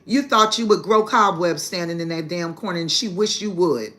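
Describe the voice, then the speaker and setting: A woman with a lowish, fairly bright voice speaks at a moderate pace. She's a spiritual reader hosting a live stream, casually telling a story to her chat in a brash, profane way, calling listeners "baby" and laughing heartily throughout.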